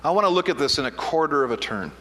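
A man's voice: on the high side, animated, quick pace, a bit bright. A man preaching a sermon, telling a personal story in a conversational, self-deprecating way with frequent restarts. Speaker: pastor. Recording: preached in a hall with long reverb.

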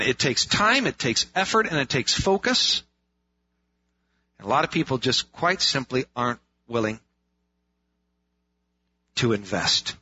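High, bright-voiced preacher man. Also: slightly rough. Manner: earnest, rhetorical questions, restarts and emphatic repetition. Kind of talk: sermon. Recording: dull lo-fi sound.

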